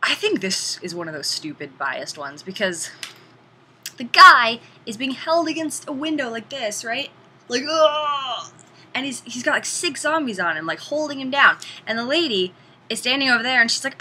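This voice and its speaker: A woman talks through a video game review in a loose, animated, chatty way, quick to swear. Her slightly high voice is bright and forward, but the audio is poor, with a faint hiss underneath.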